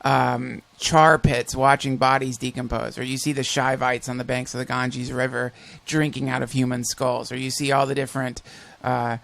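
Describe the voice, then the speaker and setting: Guy hosting a podcast, raspy fry in his voice, swears a lot, animated. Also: medium pitch, moderate pace, no echo. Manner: profane, animated storytelling. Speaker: podcast host. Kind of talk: casual conversation.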